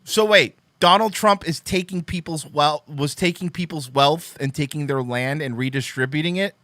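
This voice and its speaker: Sarcastic, bright-voiced male commentator. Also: fairly high pitch, moderate pace, no echo. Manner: sarcastic and profane, reading posts aloud and mocking them. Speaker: host. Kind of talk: political commentary show.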